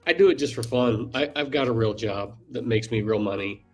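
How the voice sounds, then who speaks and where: A man's voice: medium pitch, brisk. A man with a mid-range voice hosts a knife channel's casual livestream. He talks candidly and swears freely.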